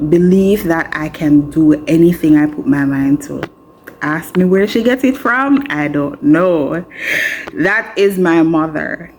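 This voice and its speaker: A woman with a Jamaican accent, a law student vlogger telling candid stories to the camera in a chatty, expressive, frank and self-mocking way. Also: lowish voice, slight background noise.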